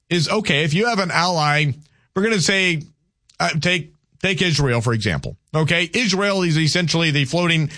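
A Southern American man hosts a call-in radio show in a slightly high voice. He stumbles and repeats words as he thinks aloud, then turns firm and argumentative when pushing back on a caller. The sound is dry and close, with no room around it. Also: sharp tone, dry recording. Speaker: radio talk show host.

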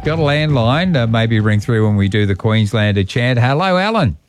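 In a radio studio, a man with an Australian accent hosts casual talkback radio, chatting matily with callers over a studio microphone. His voice is medium-pitched and lively in intonation, moving at a moderate pace with soft music playing behind him.

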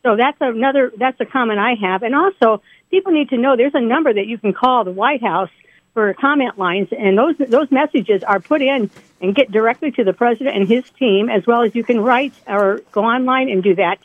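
A woman's voice: fairly high pitch, brisk, no room sound. A woman from northern Indiana calling a radio show, speaking earnestly and urgently. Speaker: caller. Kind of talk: phone call to radio show. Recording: tinny phone line.

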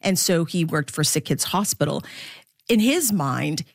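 A middle-aged woman from the Philippines, a sports broadcaster speaking candidly in an interview, laughing often and jumping high in pitch when quoting others. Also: expressive, a little slow, creaky, no room sound, studio quality.

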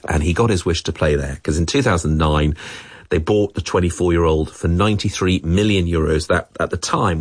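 A man co-hosting a talk podcast, explaining things in a relaxed storytelling way with small asides. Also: low-pitched, no room sound, clean studio sound. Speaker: podcast co-host. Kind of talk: conversational explainer.

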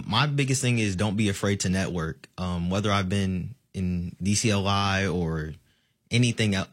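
A man in his late teens, a graduating student, answering radio interview questions hesitantly with fillers and restarts. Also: on the low side.

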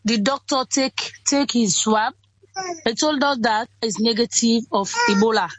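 A woman in her twenties from Sierra Leone, with a Sierra Leonean accent, speaks in a fairly high voice. Her sentences are short and halting, and she often says things twice. The sound is dry and close. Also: no echo, poor audio. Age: 20s. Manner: simple halting sentences, repeats herself. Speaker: interviewee, Ebola survivor. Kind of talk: interview over a phone or call.

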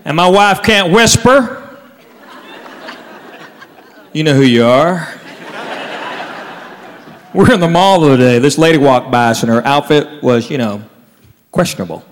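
A man performing a stand-up routine, telling animated stories and acting out his relatives. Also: on the high side, normal speed, long pauses. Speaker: stand-up comedian. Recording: live venue with long reverb, faint crowd noise.

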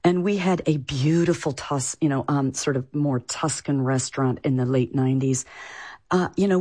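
A woman's voice: sits low, dark tone, breathy edge. A woman from Iowa, a food writer, answering interview questions in a chatty way with many fillers. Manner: chatty, lots of "you know" fillers.

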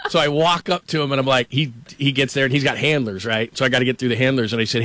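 Guy hosting sports radio, rambly and chuckly, dry studio mic sound, middle pitch. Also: fairly even intonation, fast, fairly bright tone, no echo. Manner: rambling, laughs often, many "like"s. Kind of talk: casual studio banter and anecdotes. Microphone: studio microphone.

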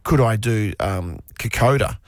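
A man's voice: lowish voice, measured pace, no echo, clean studio sound. A man co-hosting a casual chat, agreeable and rambling. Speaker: podcast co-host.

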